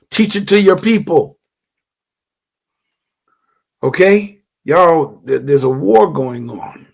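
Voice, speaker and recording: A man hosting a livestream, speaking earnestly and directly to his followers, often repeating and restarting phrases. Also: on the high side. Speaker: livestream host. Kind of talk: impassioned livestream address to followers.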